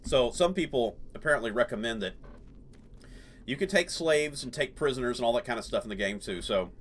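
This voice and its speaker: A man's voice: medium pitch, animated, brisk, a little hiss or hum. A man hosting a gaming channel, rambling through casual let's-play commentary with many fillers. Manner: rambling, lots of fillers and laughs.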